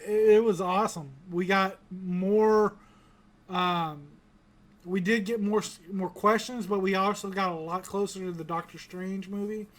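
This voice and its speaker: A man's voice: high voice, fairly even intonation, a little slow. A man from the American South hosting a casual pop-culture review chat, rambling with many restarts and casual swearing. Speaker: podcast host.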